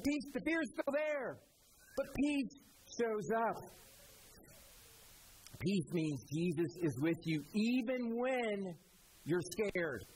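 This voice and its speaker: A man's voice: high-pitched, a little hiss or hum, poor audio. A man giving a children's sermon, interactive, asking the kids questions and leading them through hand motions. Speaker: children's pastor.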